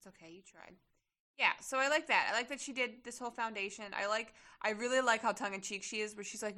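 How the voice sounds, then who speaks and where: A young woman chats casually as a podcast co-host, rambling through her thoughts with plenty of fillers and the occasional swear. Her voice sits a little high, with a bright edge to it. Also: fast talker. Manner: chatty, lots of fillers and profanity. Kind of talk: casual chat.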